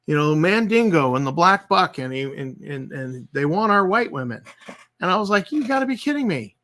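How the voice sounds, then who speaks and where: A man on his own channel, delivering an exasperated, sarcastic rant. His voice sits a little high and comes across bright and forceful. He keeps circling back to the same points and repeats them for emphasis. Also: expressive, normal speed. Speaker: channel host. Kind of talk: ranting commentary.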